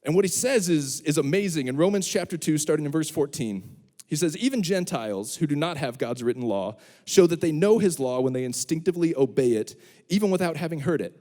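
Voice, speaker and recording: A young man with a voice on the high side speaks briskly while delivering a humorous sermon as a student pastor. He's an animated storyteller who acts out the voices in his stories, and a long hall reverb colors the recording.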